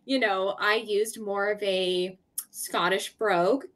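A woman co-hosting an author podcast at an ordinary middle pitch. She tells her stories with animation and laughs often between them. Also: fairly even intonation, slow pace, a bit bright. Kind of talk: casual chat.

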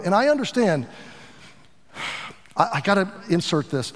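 A middle-aged pastor preaching a sermon in an earnest, animated way, with asides to his congregation. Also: sits high, moderate pace, long pauses, long reverb tail.

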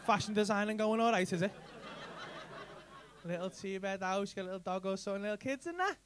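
A man's voice: high-pitched, fairly quick. A man doing crowd work in a comedy club, teasing audience members with cheeky, sweary banter into a handheld mic. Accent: English. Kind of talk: live stand-up crowd work. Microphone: handheld stage mic.

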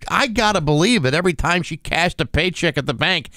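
A man hosting a radio morning show, chatting casually and joking dryly, reading the weather with filler pauses into a studio microphone. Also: fairly high pitch, expressive, bright, forceful tone, dry recording. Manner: dry joking, reads the forecast with filler pauses.

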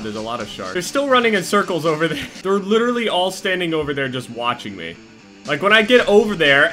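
Young male gaming commentator with a bright, sharp, fairly high voice; profane and jumpy, mutters, then yells in panic. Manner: profane, excitable, jumps from muttering to panicked yelling. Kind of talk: live gameplay commentary.

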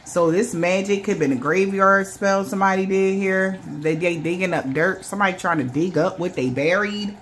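This tarot reader talks at a moderate pace with hardly any pauses, her lowish voice fairly bright in tone. She's loose and foul-mouthed, acting out quoted voices, and there's slight background noise.

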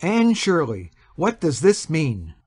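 A woman's voice: low voice, animated, slow pace, soft background music, full character voice. A woman voicing a stern, solemn male schoolteacher in an audio drama, speaking with heavy disapproval.

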